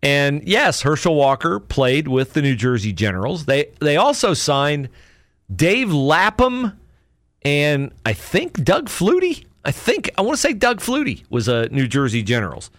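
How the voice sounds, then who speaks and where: A man's voice: a little high, big pitch swings, unhurried, fairly bright tone, no echo, studio quality. A man hosting a podcast alone, rambling through sports memories with fillers and self-corrections. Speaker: podcast host. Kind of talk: casual solo podcast talk.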